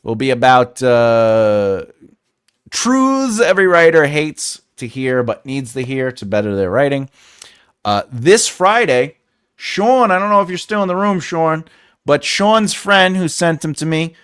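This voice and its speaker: During a writing stream, a host in his forties chats casually with his audience in a clean tone. His pitch swings around a lot, and he jokes often, laughs easily, and drifts into rambling asides.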